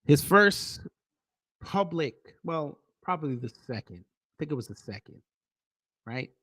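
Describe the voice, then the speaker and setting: A man hosting casual reaction commentary who talks to viewers directly, swinging between loud emphasis and muttered asides. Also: fairly high pitch, expressive, unhurried, no room sound, clean studio sound. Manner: addresses viewers directly as folks. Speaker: commentary host.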